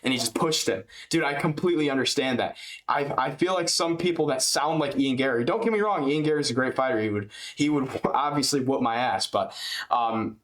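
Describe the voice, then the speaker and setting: A man's voice: medium pitch, brisk, a bit bright. A young man hosting a reaction video, rambling in an exasperated, slangy, profane way. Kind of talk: casual reaction commentary.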